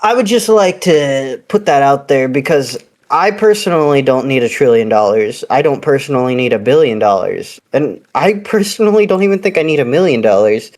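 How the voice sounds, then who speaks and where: A podcast co-host in casual chat, excitable and blunt, swearing offhand. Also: medium pitch, normal speed, hardly any pauses.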